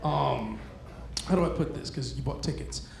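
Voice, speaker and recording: A man's voice: medium pitch, normal speed, gravelly. A man doing a stand-up comedy set in a club, talking casually and crudely as he teases the crowd. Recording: echoey club room with crowd noise.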